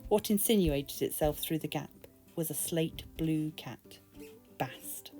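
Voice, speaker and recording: A British woman reading a novel aloud in an unhurried, expressive narration. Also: low voice, soft background music. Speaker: booktube reader.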